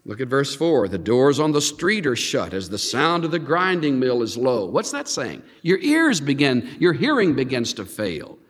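A man preaching a sermon, reading scripture aloud and acting out quoted lines with an animated, swinging delivery. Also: moderate pace, hardly any pauses, slightly rough. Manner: animated, swings high and low to act out quotes. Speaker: pastor. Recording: long hall reverb.

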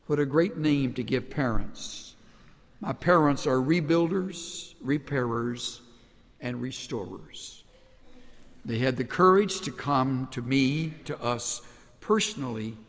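A man preaching a sermon as pastor, earnest, dropping to soft hushed lines and rising to raised emphatic ones. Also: mid-range voice, unhurried, long reverb tail.

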